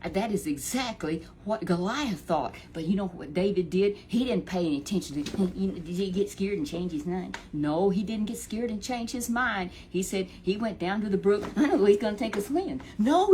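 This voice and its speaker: A woman storyteller telling a Bible story in an animated, chatty way with lots of repetition. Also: medium pitch, a little hiss or hum.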